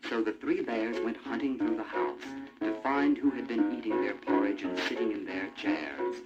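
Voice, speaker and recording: A man narrating a storybook in an animated, expressive way. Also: fairly low pitch, normal speed. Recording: muffled old vinyl with music.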